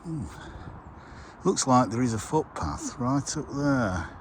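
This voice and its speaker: A man vlogging on a riverside countryside walk, thinking aloud and muttering to himself with pauses, a little out of breath. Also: medium pitch, very animated. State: slightly out of breath from walking. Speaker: walking vlogger. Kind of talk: casual walking commentary. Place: outdoors on a riverside countryside path. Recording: outdoor noise and passing vehicles.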